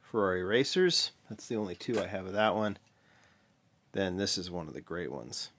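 Casting note: male vlog host, lowish voice, relaxed mumbly delivery, stops to correct himself. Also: moderate pace. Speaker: vlog host, toy car collector. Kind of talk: casual show-and-tell vlog.

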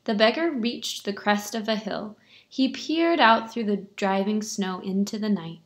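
A woman teacher reading a picture book aloud to her pupils, in a clear storytelling manner. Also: medium pitch, measured pace.

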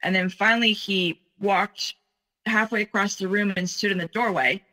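A woman in her forties, a guest telling her own story in conversation, speaking in a halting, earnest way with many fillers. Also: medium pitch, steady tone, pushed and bright, low-quality recording. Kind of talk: personal account in conversation.

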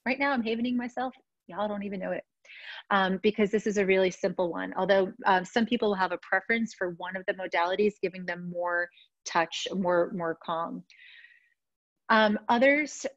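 A woman's voice: medium pitch, moderate pace, no echo. A woman from New York, a stress coach, casually and frankly teaching self-soothing techniques over a video call. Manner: casual, frank, demonstrates moves while talking. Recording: dry, slightly dull sound.

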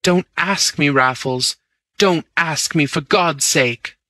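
A man doing a worked-up young sidekick, high and loud, bright tone, dry sound. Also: takes it slowly, no room sound. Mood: agitated. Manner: agitated, pleading, raised voice. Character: young male sidekick, excitable, overwrought.

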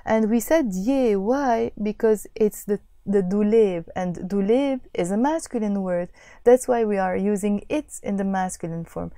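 A woman teaching a language lesson, patiently explaining and repeating phrases slowly. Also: mid-range voice, warm tone, no room sound, studio quality.

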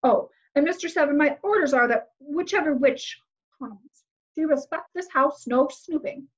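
A woman's voice: high voice, moderate pace, voice pushed up, natural voice. A woman reading aloud, voicing an arrogant, impatient fairy-tale prince who speaks coldly and curtly. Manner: cold, curt and commanding. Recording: slightly muffled lo-fi recording.

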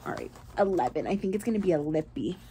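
Lively, chatty young woman vlogging. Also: lowish voice, fast, a little hiss or hum. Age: young adult. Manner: chatty and playful, talking to the camera. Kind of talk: casual vlog chat.

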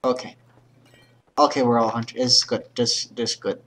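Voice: mid-range voice, fairly even intonation, normal speed, very noisy. A young adult chatting casually during an online game, playful and giggly. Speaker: gamer. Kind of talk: casual gaming chat.

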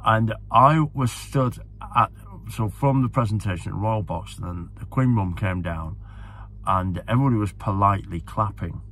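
A man's voice: lowish voice, normal speed, a bit bright, slight background noise. A man talking casually to camera, enthusiastic and rambling, often repeating himself as a horse racing tipster.

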